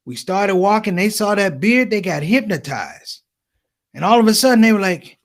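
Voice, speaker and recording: A man's voice: high-pitched, moderate pace. A man doing stand-up comedy, telling stories to the audience and calling them brothers and sisters. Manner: animated storytelling, addresses audience as brothers and sisters.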